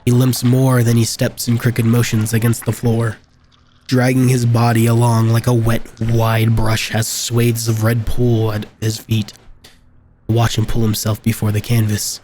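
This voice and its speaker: A man reading a horror game aloud, with quiet reactions between passages, over game music. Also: medium pitch, a little hiss or hum. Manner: slow, flat narration with quiet reactions. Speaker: gameplay video host.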